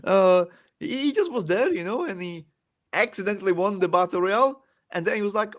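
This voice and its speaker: Young czech guy on a podcast, kinda high voice, laughs a lot, jumps from hyped to low. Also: brisk. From Czech Republic. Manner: animated, laughs often, swings between excited and low. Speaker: guest wrestler. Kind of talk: casual podcast chat.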